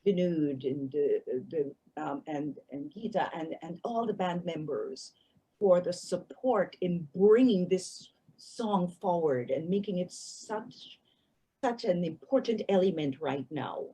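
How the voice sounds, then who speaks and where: A woman's voice: lowish voice, takes it slowly, warm tone, husky, low-quality recording. A woman hosting an interview who speaks in an earnest, emphatic way. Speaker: radio host.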